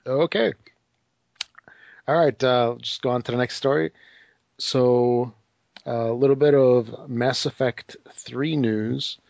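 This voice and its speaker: A man co-hosting a gaming podcast, delivering news quickly and offhandedly with many fillers. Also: mid-range voice, fairly even intonation, gravelly, darkish tone, dry recording. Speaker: podcast co-host. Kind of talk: casual gaming news chat. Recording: dry, slightly muffled home mic.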